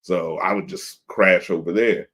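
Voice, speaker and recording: Low-voiced guy hosting a podcast, telling a story and doing everyone's voices, super casual. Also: measured pace. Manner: animated storyteller, acts out quoted voices. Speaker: podcast host.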